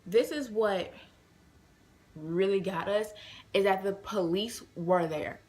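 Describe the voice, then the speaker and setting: A woman's voice: mid-range voice, slow, darkish tone. A woman from the United States telling a casual storytime vlog, chatty and full of fillers, talking straight to her viewers as y'all. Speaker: vlogger.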